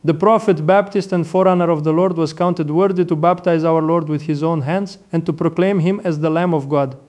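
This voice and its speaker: An older man, an Orthodox monk, giving a sermon with measured, reverent storytelling. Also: on the high side, fairly even intonation, a little mellow.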